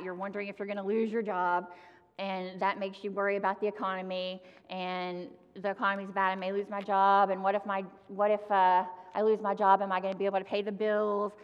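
A woman's voice: mid-range voice, flat delivery, normal speed, clear, resonant tone, lo-fi sound. A woman giving a sermon, talking to the congregation in a conversational way and addressing them directly. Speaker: preacher. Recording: long hall reverb.

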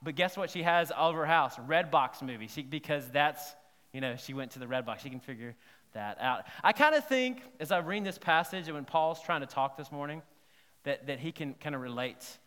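A man preaching a sermon in a church, lively and conversational, often checking in with the congregation. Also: fairly high pitch, a little fast. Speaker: pastor. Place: church sanctuary. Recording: long hall reverb.

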